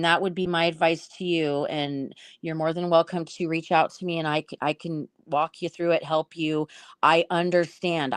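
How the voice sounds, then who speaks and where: A middle-aged woman, a guest and mother, speaking earnestly and haltingly about her son's addiction. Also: sits low, dry recording. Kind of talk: casual chat.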